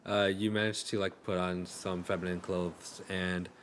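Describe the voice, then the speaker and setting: A man running a tabletop game as game master, his voice on the low side. He narrates haltingly, pausing and restarting often, with faint room noise in the background. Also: little pitch movement, a bit bright. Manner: hesitant, many fillers and restarts.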